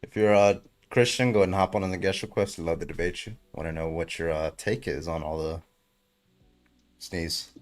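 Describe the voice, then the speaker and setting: A deep-voiced man hosts a casual livestream debate. He talks in a laid-back way, swearing freely and chuckling between remarks. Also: fairly quick.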